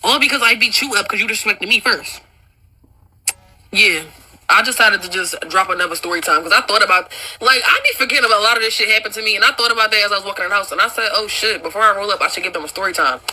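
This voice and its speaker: A young woman telling a story to her viewers in a very bright, sharp voice. She talks in an animated, profane way and laughs often as she goes. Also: mid-range voice, fast, low-quality recording. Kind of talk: casual storytime monologue.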